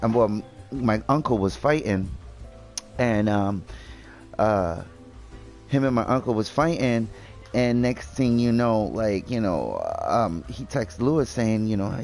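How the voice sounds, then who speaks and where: A man's voice: fairly low pitch, animated, unhurried, darkish tone, faint music behind. A young man chatting casually while gaming, rambling with lots of fillers and swearing freely. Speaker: gaming video host.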